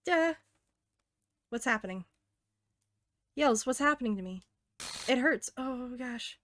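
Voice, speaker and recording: A self-aware teenage girl from a game, read aloud by a woman, talks in an earnest, intimate way that slips into soft pleading. Her voice sits a touch high. Faint noise runs behind her. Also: lively intonation, slow. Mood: pained. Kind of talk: reading game dialogue aloud.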